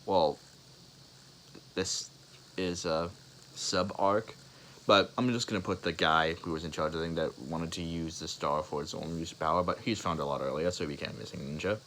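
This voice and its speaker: A young man improvising a spoken fan story, halting and rambling, with many restarts and fillers. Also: sits low, fairly even intonation, a bit bright, slight background noise, low-quality recording.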